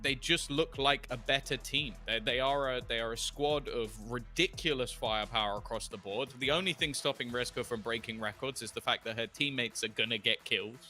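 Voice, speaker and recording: A man giving animated studio desk analysis of an esports match, laughing and restarting often. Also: medium pitch, a little fast, few pauses, soft background music.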